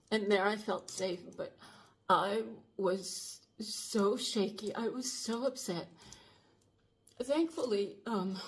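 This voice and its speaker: A woman's voice: medium pitch, gravelly. A woman around sixty telling a personal story to camera in an earnest, urgent way, shaken and emotional, often stopping and restarting her sentences. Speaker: channel host.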